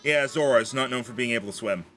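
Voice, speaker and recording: A man's voice: mid-range voice, quick pace, faint music behind. A young man streaming a game, joking around and swearing in casual commentary. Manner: animated, joking, swears freely.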